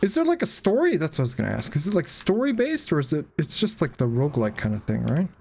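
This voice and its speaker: A man's voice: a little high, big pitch swings, quick pace, creaky, a little mellow, breathy edge. A tired man streaming a game live, chatting casually with rambling fillers and frequent swearing. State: tired, yawning. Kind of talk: casual live gameplay commentary.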